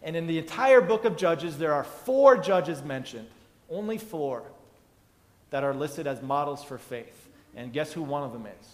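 A man's voice: fairly high pitch, lively intonation, measured pace, in a large hall. A male pastor preaching a conversational sermon, acting out the biblical characters' dialogue as he explains the passage.

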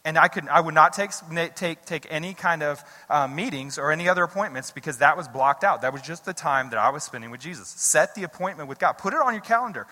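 A man's voice: a little high, fast talker, few pauses, in a large hall. A middle-aged man preaching a sermon as a pastor, telling stories in a loose, conversational way with lots of restarts. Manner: conversational, animated storytelling with repeated restarts.

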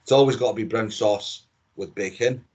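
A man's voice: on the low side, moderate pace, darkish tone, breathy edge. A middle-aged man with a Scottish accent, chatting casually as a podcast guest, opinionated and prone to repeating himself. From Scotland.

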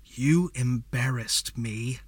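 A stern, cold woman magician, tall and judging, who speaks in curt and disdainful words, as a man reading a storybook puts her on. Her tone is bright and sharp, and the voice sits dry and close. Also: mid-range voice, animated, normal speed, dry recording.

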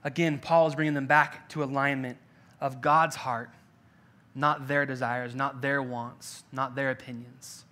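A man's voice: medium pitch, little pitch movement, unhurried, sharp tone. A young adult man preaching a conversational sermon, jokey and loose, with lots of filler words. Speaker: pastor. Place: church in-person gathering.

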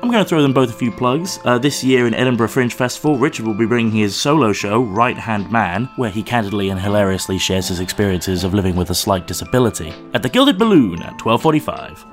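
Cheeky English podcast host with a slight American twang. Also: male voice, on the low side, animated, soft background music. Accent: Oxford English with a slight American twang. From England. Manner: playful, cheeky, quick to laugh. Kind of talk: casual podcast chat.

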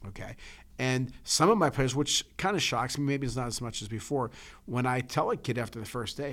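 A man's voice: mid-range voice, fairly quick, creaky, fairly bright tone. A man who coaches, talking in a casual chat and telling stories with emotion, often repeating words as he starts over. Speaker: coach and podcast co-host.

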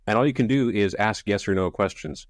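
Low-voiced man in dry chat. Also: fairly quick, no room sound. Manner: wry, laughs often, retells scenes. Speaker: podcast co-host. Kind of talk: casual book-club chat.

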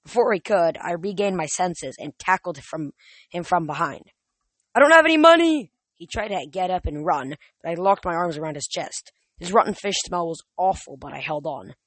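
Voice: medium pitch, normal speed, no echo. A reader narrating a young adult novel aloud in a casual, unpolished way, often stumbling and restarting words. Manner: casual, with frequent slips and restarts. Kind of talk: audiobook reading.

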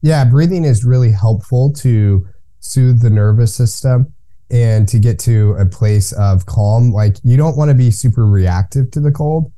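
A man being interviewed as a guest, explaining his routine in a calm, instructive way. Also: medium pitch, measured pace. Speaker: guest, cold plunge business owner. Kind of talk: conversational interview.

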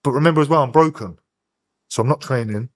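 A man's voice: medium pitch, fast talker. Blunt, profane man telling a story. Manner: blunt, profane, street slang. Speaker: podcast guest. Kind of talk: candid storytelling interview.

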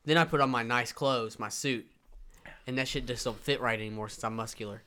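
A man playing in a tabletop game and chatting casually, swearing often and talking loudly. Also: medium pitch, brisk, smooth. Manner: profane, boisterous. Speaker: player.

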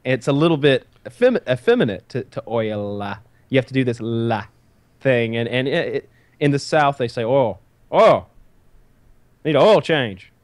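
A man from the American South who chats casually as a podcast co-host. He rambles and restarts his sentences as he goes. His voice sits at an ordinary middle pitch and is recorded close and dry. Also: expressive, fairly quick, no room sound. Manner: rambling, self-interrupting storyteller. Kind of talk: casual chat.

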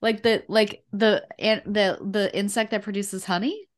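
A woman's voice: mid-range voice, fairly even intonation, unhurried. A woman co-hosting a casual podcast chat, giggling often and reacting with short replies. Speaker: podcast co-host.

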